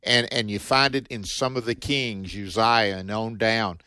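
A man with a Southern accent, a preacher co-hosting a radio ministry show, talking in a steady, sermon-like way. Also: fairly low pitch, unhurried, clean tone.

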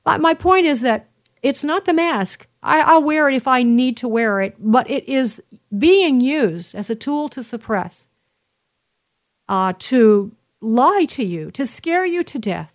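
A woman's voice: high voice, unhurried. A woman host talking straight to her listeners in a casual monologue, telling stories with emphatic repetitions. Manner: animated storytelling, emphatic repetitions.

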